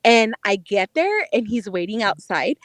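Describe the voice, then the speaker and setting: A young adult woman on a podcast, telling a dating story in a casual, animated, profane way, often breaking into laughter. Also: mid-range voice, a little slow, no room sound. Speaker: podcast co-host, dating correspondent.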